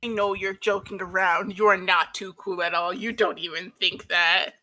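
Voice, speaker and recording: A woman's voice: on the low side, steady tone, normal speed, bright, forceful tone, poor audio. A woman reading the lines of a cheerful, bubbly teenage girl during a comic read-through with friends. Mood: chipper. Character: cheerful dreamy teen girl Jade.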